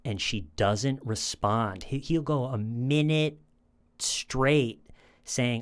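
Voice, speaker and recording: A man's voice: mid-range voice, slow pace, clear, resonant tone. A man giving casual true crime commentary, retelling a scene in a conversational way with repeated phrases and small restarts.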